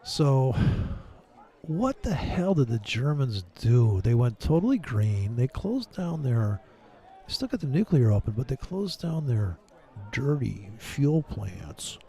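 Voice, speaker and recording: Profane rambling man, mellow voice. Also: medium pitch, very animated, slow. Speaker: livestream trading host. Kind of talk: casual ranting chat with viewers.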